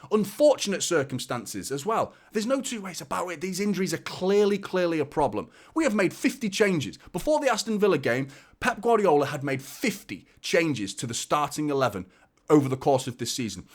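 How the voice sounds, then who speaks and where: A man hosting a football fan channel, delivering an emphatic opinion rant and repeating words for force. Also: on the high side.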